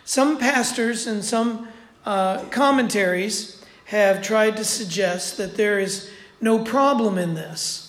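A preacher giving a sermon in a conversational way, repeating points for emphasis. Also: medium pitch. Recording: roomy echo.

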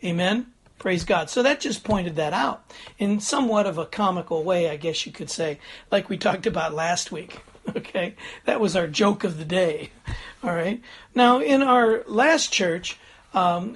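An older man pastor giving a folksy sermon, chatty and chuckling, standing before a congregation and checking in with them after each point. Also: high-pitched. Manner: chatty, chuckles, frequent "Amen?" and "Okay?" check-ins.

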